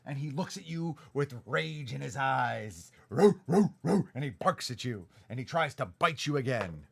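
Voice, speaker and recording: Playful dad running a tabletop game. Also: male voice, medium pitch, animated, moderate pace, vocal fry, a bit bright. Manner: playful, dramatic storytelling with sound effects. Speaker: dungeon master. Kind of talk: narrating a tabletop game for his child.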